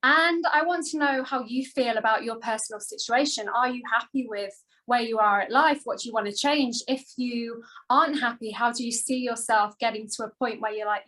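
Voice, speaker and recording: A woman's voice: a little high, brisk, bright, forceful tone, low-quality recording. Upbeat woman co-host talking to the audience. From outside the United States. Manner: enthusiastic, talks straight to the audience. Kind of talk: casual chat.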